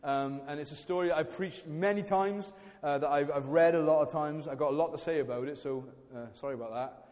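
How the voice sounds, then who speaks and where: Guy giving a sermon, high voice, casual and jokey, lots of restarts, big echoey church hall. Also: brisk, a little mellow. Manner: chatty, self-deprecating, many restarts. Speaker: preacher.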